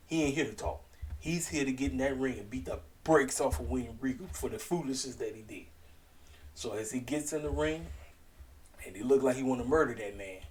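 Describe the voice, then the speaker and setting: A man giving a casual, animated recap at home, talking straight to his audience. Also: mid-range voice, far from the mic, rough recording. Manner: animated, talks straight to the audience, keeps calling out "ladies and gentlemen". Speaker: wrestling show reviewer.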